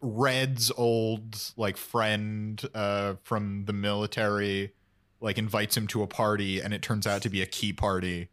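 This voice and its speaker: A man's voice: lowish voice, little pitch movement, unhurried, fairly bright tone. A man chatting casually as a podcast host, enthusiastic and rambling with many fillers. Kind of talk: casual chat.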